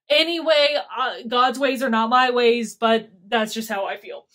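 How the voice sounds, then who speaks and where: A woman teaching a casual Bible study, retelling the story in a chatty, animated way with slang. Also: a little high, unhurried.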